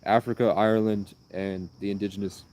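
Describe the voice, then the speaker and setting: A man with a low, mellow voice rambles earnestly through one story after another. His delivery stays flat and even, and he jumps from tale to tale. Crickets chirp faintly outdoors behind him. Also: brisk. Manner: meandering, earnest, jumps between anecdotes. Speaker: livestreamer.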